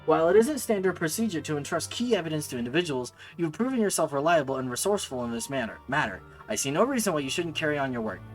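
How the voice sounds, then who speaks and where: A man's voice: fairly high pitch, big pitch swings, fast, few pauses, faint music behind. A man reading aloud the lines of a formal officer in a game, with official phrasing.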